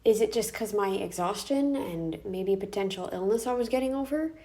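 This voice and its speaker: A woman's voice: medium pitch, lively intonation, brisk, warm tone. A tired, tearful woman venting in a personal vlog from her bedroom, sighing and restarting as she talks. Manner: upset, venting, with restarts and sighs. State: tearful, exhausted. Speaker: vlogger. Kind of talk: emotional personal vlog rant. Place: bedroom, indoors.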